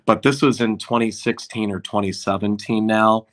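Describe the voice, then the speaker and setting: A man's voice: lowish voice, normal speed. A man, a concert promoter, telling anecdotes in a casual podcast chat and acting out what others said. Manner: animated anecdote-telling, acts out quotes.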